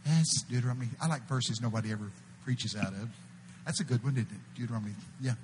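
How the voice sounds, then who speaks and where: A man preaching a sermon, telling folksy stories and breaking out to shout quoted prophecies before dropping to a hush. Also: mid-range voice, quick pace, long reverb tail, slight background noise. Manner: animated, folksy, shouts out quoted prophecies, swings between loud and hushed. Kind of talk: sermon with storytelling. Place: church.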